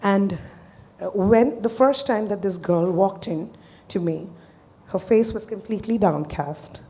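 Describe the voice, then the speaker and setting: A woman therapist walks an audience through a client case in a mellow, warm voice. Her delivery is earnest and hesitant, with pauses as she gathers her thoughts. Her pitch sits in the middle of the range.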